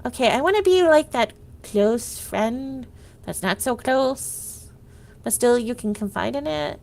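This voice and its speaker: A woman's voice: a little high, expressive, unhurried, vocal fry, darkish tone. A woman livestreaming, venting in a rambling casual monologue, full of "like" and restarts.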